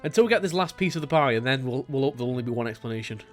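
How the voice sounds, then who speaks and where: A man's voice: medium pitch, lively intonation, very fast, soft background music, lightly acted. A man voicing a polite, eager young female detective who asks questions in a politely inquisitive way. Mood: reasoning.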